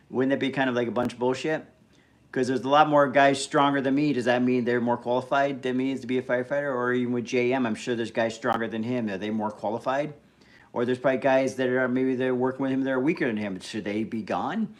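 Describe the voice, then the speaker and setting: A man hosting a casual live stream, talking bluntly in an animated rant that is full of swearing. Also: mid-range voice, brisk. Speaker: livestream host.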